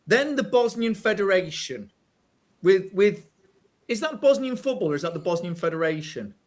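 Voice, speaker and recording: A man with a high voice that leaps all over the place, ranting on a casual podcast. He sounds fed up and keeps cutting in with laughs and blunt asides. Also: animated, normal speed. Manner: exasperated ranting, swearing, laughing. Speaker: podcast host.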